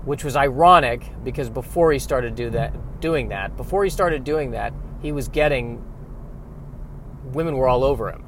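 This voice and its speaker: A man's voice: medium pitch, normal speed, a little hiss or hum. A man, an actor, chatting casually in a self-deprecating, rambling way while driving his car. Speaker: character actor.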